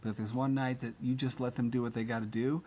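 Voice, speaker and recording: A man's voice: medium pitch, level tone, fast, darkish tone, a little hiss or hum. A man hosting a casual live stream, chatting loosely with many fillers. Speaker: livestream host.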